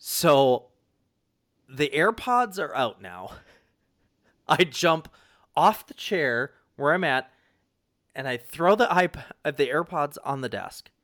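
Casual male storyteller, expressive and profane, pitch leaping around, dry close sound. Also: takes it slowly, long pauses, dry recording. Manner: animated, swears freely, lots of fillers and restarts. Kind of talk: casual anecdote.

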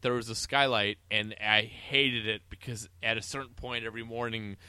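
A man's voice: on the low side, flat delivery, moderate pace, pushed and bright, clean tone, no echo. A man co-hosting a casual movie podcast, telling stories and rambling with fillers. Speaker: podcast co-host. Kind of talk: casual chat about a movie.

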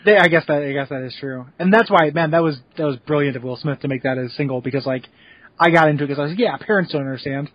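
A man with a somewhat high, husky voice co-hosts a casual podcast chat and slips in wry, deadpan jokes. The recording is dry and close, with slightly dull audio. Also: very fast, no echo. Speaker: podcast co-host.

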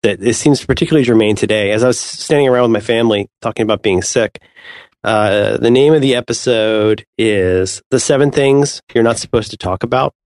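A man co-hosting a podcast, chatting casually with animated, rambling, playful storytelling. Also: fairly low pitch, fairly quick, no echo, studio quality. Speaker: podcast co-host. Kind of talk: casual chat.

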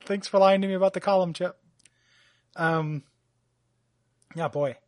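A man in his late thirties hosting a podcast, wry and relaxed in casual chat. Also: high-pitched, unhurried, no room sound, studio quality. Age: late 30s. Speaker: podcast host.

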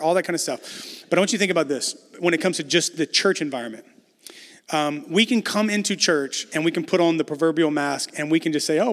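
A man in his thirties preaching a sermon as a pastor, animated and acting out dialogue as he tells stories. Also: fairly high pitch. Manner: animated storytelling, acts out dialogue. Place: church sanctuary. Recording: long hall reverb in a church.

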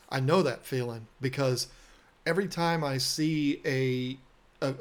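A man hosting a podcast, telling stories in a casual, earnest and self-deprecating way, often repeating words as he restarts. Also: on the high side. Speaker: podcast host and aquarium business owner. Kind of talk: casual storytelling conversation.

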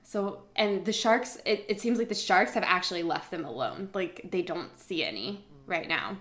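A woman's voice: on the low side, normal speed, fairly bright tone. Chatty woman retelling a story. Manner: chatty, lots of fillers, acts out quotes. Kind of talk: casual storytelling chat.

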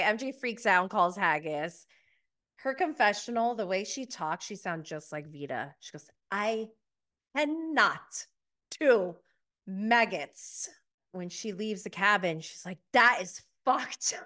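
A woman's voice: medium pitch, bright, forceful tone. A young adult woman, casually recapping a reality show with gossipy asides and frequent laughter. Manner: gossipy, laughs often, mocking quotes. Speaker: podcast host reviewing a reality show.

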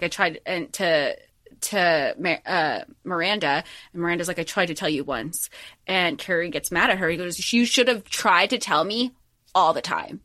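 A woman's voice: mid-range voice, a bit bright, no room sound, studio quality. A woman co-hosting a podcast, blunt and opinionated about a film, swearing casually. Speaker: podcast co-host. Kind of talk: casual film-discussion chat.

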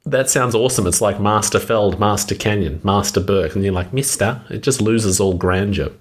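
A man, co-hosting a podcast in playful, animated casual chat. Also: lowish voice, normal speed. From Australia. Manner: playful, animated, laughs often. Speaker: podcast co-host.

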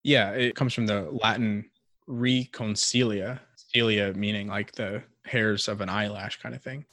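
A man's voice: on the low side, fairly even intonation, measured pace, fairly bright tone, no room sound. Reflective man on a dry podcast mic. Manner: reflective, thinks aloud with many "like" fillers. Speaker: podcast co-host. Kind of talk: casual faith discussion.

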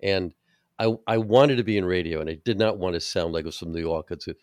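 Deep older man with South Jersey accent. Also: quick pace, dry recording, clean studio sound. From New Jersey. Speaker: podcast co-host. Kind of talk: casual chat.

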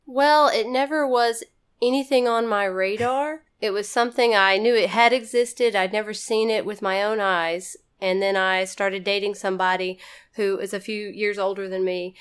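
A woman's voice: medium pitch, fairly even intonation, normal speed, clear, resonant tone. A woman from Mississippi, a podcast guest telling stories casually with laughs. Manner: chatty, laughing, says y'all. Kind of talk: casual storytelling.

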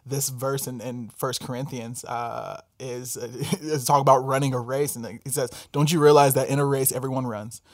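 A man co-hosting a casual faith-based podcast, his voice mid-pitched and very dry, with no room sound around it. He talks in a loose, reflective way, circling back and restarting as he works through a thought. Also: steady tone, normal speed, hardly any pauses, dry recording. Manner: reflective, loose and rambling with fillers. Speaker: podcast co-host and character coach.

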